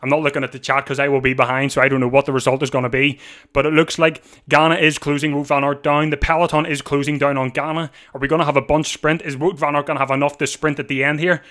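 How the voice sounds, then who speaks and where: Man, fairly high voice, live watch-along host, breathless, excitable, repeats himself. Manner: breathless, rising to shouts at the finish; talks fast over the race, repeating himself. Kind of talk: excited live race commentary. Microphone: desk mic.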